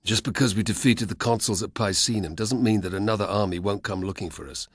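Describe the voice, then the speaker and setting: A man's voice: on the low side, a little fast, slightly rough, dry recording, clean studio sound. A man voicing a weary, philosophical older male soldier who speaks darkly and with sighs. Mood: reflective. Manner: dark, sighing, reflective.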